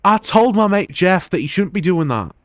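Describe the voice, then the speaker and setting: Crude, rambling gaming streamer. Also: male voice, high-pitched, big pitch swings, normal speed, a little hiss or hum. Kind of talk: gameplay live stream commentary.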